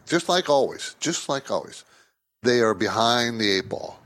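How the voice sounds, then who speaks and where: A man hosting a financial talk radio show, giving emphatic, repetitive market commentary. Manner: emphatic, repetitive, lively swings of pitch.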